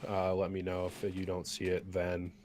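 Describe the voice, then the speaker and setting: A man with a hoarse, sick voice from a cold, game master recapping a tabletop session in an easygoing way with lots of ums. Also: low-pitched, completely flat delivery, normal speed, darkish tone. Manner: easygoing, many filler ums.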